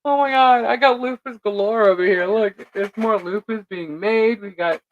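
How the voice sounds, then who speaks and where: A woman's voice: mid-range voice, moderate pace, no room sound, narrow, tinny audio. Dry-sounding woman, rambling and laughing. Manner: rambling storyteller, laughs often, many fillers. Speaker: co-host of a live stream. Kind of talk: casual live-stream chat.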